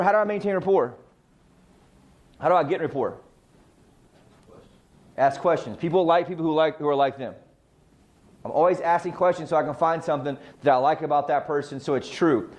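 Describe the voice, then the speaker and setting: A man's voice: on the high side, a little mellow. Coaching man asking rhetorical questions. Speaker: real estate coach. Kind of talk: training talk.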